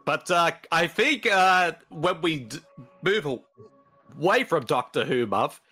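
Bright, animated male podcast host. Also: fairly high pitch, unhurried, slightly rough, soft background music. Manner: hesitant, restarting phrases. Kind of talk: casual chat.

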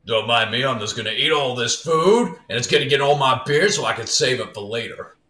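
A man's voice: mid-range voice, animated, fairly quick, sharp tone, reverberant. A man co-hosting a podcast, riffing casually on a movie and laughing often. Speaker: podcast co-host.

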